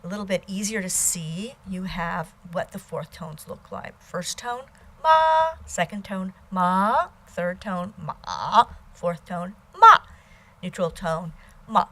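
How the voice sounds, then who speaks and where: A woman teaching a recorded language lecture, talking slowly and deliberately with uhs and ums, singing out each example syllable. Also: lowish voice, breathy edge.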